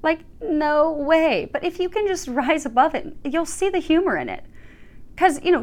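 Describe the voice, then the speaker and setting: A woman giving a casual spiritual tarot reading, chatty and earnest, laughing often and swearing offhandedly. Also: high voice. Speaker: tarot reader.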